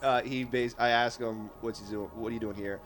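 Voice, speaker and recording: A man's voice: medium pitch, steady tone, a little fast, a bit bright, soft background music. A man player telling a story casually, with laughs.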